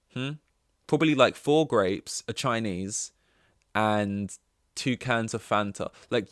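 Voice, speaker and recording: Rambling young English guy, low and dry. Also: dry recording. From England. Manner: rambling, swears, self-interrupting. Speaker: podcast host. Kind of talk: casual solo podcast rant.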